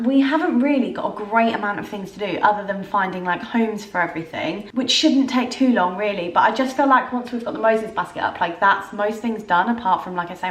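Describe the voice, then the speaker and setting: A woman's voice: mid-range voice, a bit bright, husky. A woman with a British accent chatting casually to camera at home in a rambling, waffling way. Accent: British English. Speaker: lifestyle vlogger. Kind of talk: casual vlog chat to camera. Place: at home, indoors.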